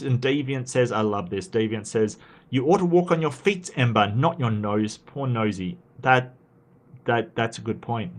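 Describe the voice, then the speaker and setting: Australian male streamer, casual and rambling, reads chat aloud, full of restarts and fillers. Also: medium pitch.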